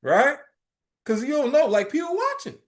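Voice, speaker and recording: A man teaching a religious class in an informal, emphatic preaching style, often checking in with "right?" and telling lively, streetwise stories. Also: extremely high pitch, normal speed. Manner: emphatic, keeps asking "right?".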